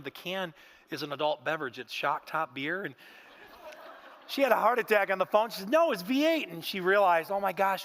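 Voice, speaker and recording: A man's voice: sits high, fairly bright tone. A man preaching a sermon in a church, telling stories in a folksy way and often saying "man". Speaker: pastor. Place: church sanctuary.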